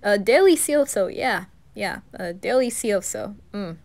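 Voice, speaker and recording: A playful teen boy, whispered role-play, slow and chatty. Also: mid-range voice, animated, darkish tone.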